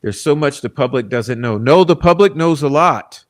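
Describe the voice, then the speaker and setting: Man, mid-range pitch, live-stream commentary, blunt, emphatic, casual swearing. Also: animated, normal speed. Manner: blunt and emphatic, often checks in with "okay?". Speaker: true crime channel host. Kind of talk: live-stream commentary reading and reacting to quotes.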